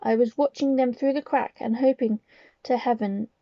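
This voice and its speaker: A woman from Cornwall reading a children's book aloud with expressive storytelling. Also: on the high side, normal speed, no echo, muffled recording. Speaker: reader.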